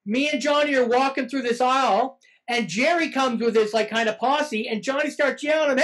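A man hosting a casual podcast, briskly steering the talk and telling his side of a story. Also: very high voice, fairly bright tone, rough recording. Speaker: podcast host.

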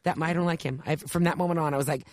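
Brash, fast-talking woman co-host. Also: deep voice, fairly even intonation, a little mellow, no echo, clean studio sound. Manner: brash, profane storyteller who acts out quotes. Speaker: podcast co-host. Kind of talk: casual comedic chat.

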